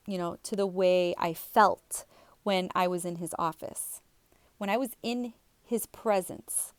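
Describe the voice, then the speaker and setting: A woman's voice: mid-range voice, clean tone, dry recording. A woman vlogger telling a personal story to her viewers in a chatty, rambling way, with fillers and restarts. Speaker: spiritual vlogger.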